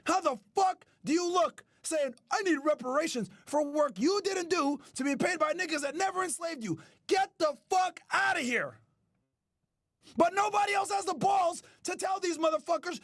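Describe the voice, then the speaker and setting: Loud, ranting, high-voiced man. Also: normal speed, no echo, studio quality. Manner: loud, profane, often shouting; mocks others in whiny put-on voices. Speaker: podcast host. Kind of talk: ranting commentary.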